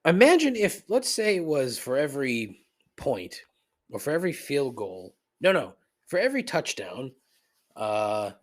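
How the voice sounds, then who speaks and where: A man's voice: mid-range voice, big pitch swings, a little slow. Profane middle-aged man griping. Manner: profane, rambling, griping, frequent laughs and asides. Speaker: podcast host. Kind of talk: casual comedic rant.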